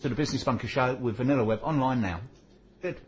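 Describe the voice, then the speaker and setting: A man's voice: medium pitch, quick pace, darkish tone. A man co-hosting a casual radio chat show, reading out listener tweets with lots of fillers and jokes. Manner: chatty, jokey, reads messages aloud with frequent fillers. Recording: dull lo-fi sound with faint noise.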